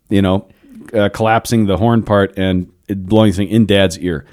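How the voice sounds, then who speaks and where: Deep-voiced male podcast host. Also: normal speed. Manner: storytelling, animated, laughs often. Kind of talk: casual philosophical discussion.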